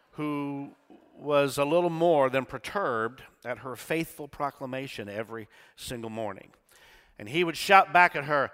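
A male pastor preaching a sermon, swinging between quiet talk and shouted call-and-response. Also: mid-range voice. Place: church sanctuary. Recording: church hall reverb.

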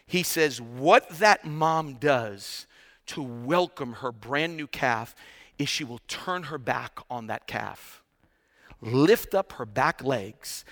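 A man preaching a sermon as a guest pastor, telling stories with humor and acting out quotes, with sudden loud bursts. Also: mid-range voice, very animated, takes it slowly, in a large hall. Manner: humorous storytelling.

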